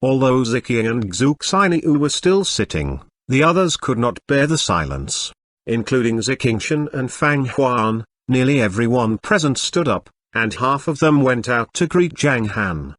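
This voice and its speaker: A man narrating a web novel as an audiobook, with steady storytelling. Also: medium pitch, measured pace, no room sound, studio quality.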